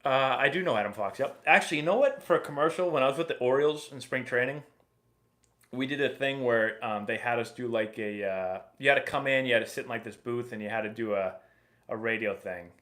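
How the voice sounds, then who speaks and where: A man in his thirties hosting a casual live stream, reading viewer questions aloud and answering in a relaxed, chatty way. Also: mid-range voice, fairly quick. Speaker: livestream host and former pro baseball player.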